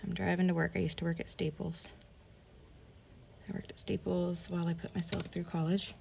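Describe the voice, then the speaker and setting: A woman telling a rambling, animated story in a casual storytime vlog while she does her nails, full of "like" and mild swearing. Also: fairly low pitch, fairly quick, slight background noise. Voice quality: gravelly, creaky voice. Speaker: nail vlogger.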